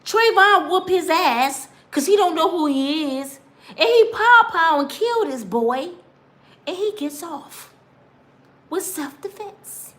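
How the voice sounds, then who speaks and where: Very high-pitched and expressive, a bit bright, this woman speaks slowly. She's in her fifties and delivers an impassioned personal monologue, insistent and preachy, directed at her listeners, performing the quoted words of others along the way.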